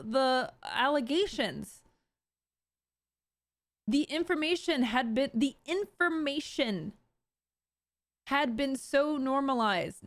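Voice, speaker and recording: A woman's voice: high-pitched, fairly bright tone, dry recording. A woman streaming casual commentary, chatting straight to her viewers and stumbling and restarting words as she goes.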